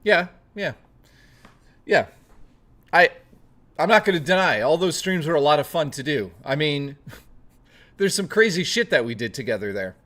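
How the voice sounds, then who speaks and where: A man's voice: a little high, animated, moderate pace, pauses often, fairly bright tone. Joking, rambling male streamer. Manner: talks to chat readers by name. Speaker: livestream host. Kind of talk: casual chat stream.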